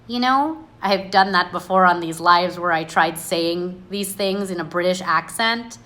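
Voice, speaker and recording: A woman's voice: lowish voice, a little slow, pushed and bright. A woman hosting a casual livestream monologue, talking bluntly and sarcastically without apology. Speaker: livestream host. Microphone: phone.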